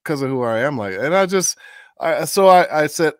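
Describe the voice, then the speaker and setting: A middle-aged male voice actor, guesting on a casual interview, tells stories with animated flair and performs the voices of the people he quotes. His voice sits on the high side, clear and resonant, at a moderate pace. The recording is studio quality with no echo.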